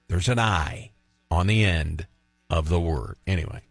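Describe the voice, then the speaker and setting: A man's voice: low voice, unhurried, gravelly, no room sound. A man hosting a sports radio show, talking casually and with opinions, and telling stories from the studio. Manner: chatty, opinionated, storytelling.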